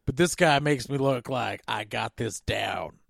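Dude cohosting a movie podcast, dry jokey delivery, medium voice, no room sound. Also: male voice, medium pitch, a little slow, vocal fry, fairly bright tone, no echo. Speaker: podcast co-host. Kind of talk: casual movie review chat.

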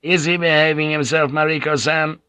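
A man voicing a stern older lord in an audiobook, crisp and irritable. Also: medium pitch, steady tone, moderate pace, dry recording, pitched above the performer's own voice, close to an everyday voice. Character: stern older male lord, harsh disciplinarian. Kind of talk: audiobook character reading.

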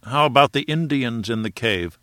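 A man's voice: medium pitch, expressive, moderate pace, a bit bright, no echo, lightly acted. A man voicing a sceptical older scientist who voices dry, grumbling objections.

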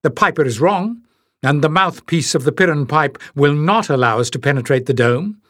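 A man's voice: a little high, big pitch swings, slow pace, a bit bright, slightly rough, voice pushed up, full character voice. A man reading an audiobook and voicing a young woman fighter who talks in a dry, matter-of-fact way. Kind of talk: audiobook character voice.

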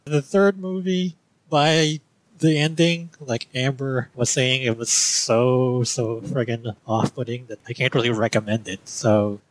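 A man's voice: medium pitch, flat delivery, a little slow, no echo, rough recording. A man giving a casual film review on a podcast, rambling with frequent fillers and restarts. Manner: rambling, hesitant with many fillers. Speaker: podcast co-host.

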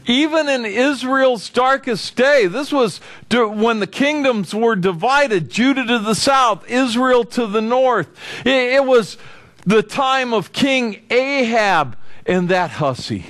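A man's voice: extremely high pitch, slow, no echo, clean studio sound. A man preaching a sermon as pastor, telling the story with acted-out voices and questions to the listeners. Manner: animated storytelling, acting out voices of figures; asks the congregation questions.

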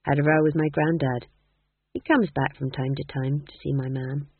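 Bitter male jester, low and gloomy, husky, lo-fi phone sound, read by a narrator. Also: fairly even intonation, normal speed, no room sound. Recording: tinny phone-like audio.

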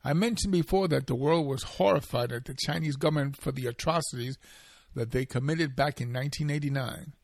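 A man presenting a short scripted opinion segment in a measured, deliberate way. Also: medium pitch, vocal fry, no echo, studio quality.

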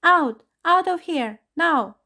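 A woman's voice: extremely high pitch, expressive, slow, sharp tone, pitched above the performer's own voice, full character voice. A woman voicing a small, panicky male chipmunk with a hysterical whine. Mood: panicked.

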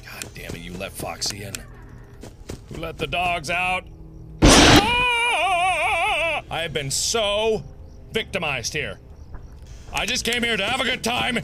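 A man with a strikingly high voice that leaps wildly up and down gives let's-play commentary. He talks in loud, profane outbursts and frustrated shouts. Game music plays clearly underneath him. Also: sing-song, slow. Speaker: gamer.

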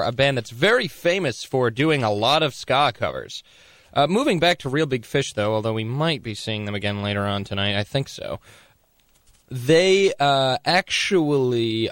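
Chatty young college radio DJ, dry mic. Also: male voice, mid-range voice, no echo. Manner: rambling, chatty, self-amused. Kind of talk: casual radio chat between songs. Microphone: studio microphone.

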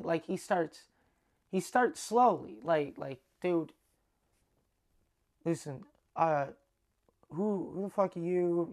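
A young Canadian man hosting a podcast, telling a long rambling story with lots of swearing and acted-out dialogue. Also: a little high. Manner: rambling, animated, swears freely, acts out quoted dialogue. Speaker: podcast host. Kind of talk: casual storytelling monologue.

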